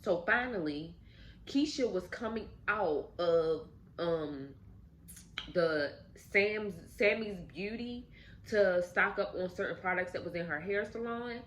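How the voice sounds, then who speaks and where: A woman's voice: mid-range voice, slow pace, slight background noise, rough recording. A woman host casually telling a story while eating, talking directly to her viewers. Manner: animated, addresses viewers directly. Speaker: channel host.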